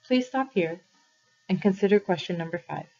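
Husky lady reading a book aloud for class, calm and steady, kinda muffled lo-fi sound. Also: mid-range voice, moderate pace. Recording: dull lo-fi recording.

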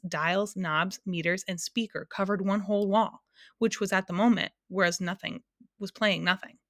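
A woman reading a children's storybook aloud in a calm, expressive way. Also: mid-range voice, no echo, clean studio sound. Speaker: narrator.

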